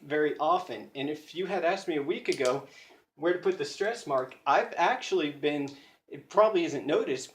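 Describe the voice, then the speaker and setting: An American man talks through his study methods in an earnest, thinking-aloud way, often stopping to correct himself. His voice sits a little high for a man. He is recorded on a phone in a room with a noticeable echo. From United States. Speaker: language learner sharing study tips. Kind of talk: casual explanatory video talk.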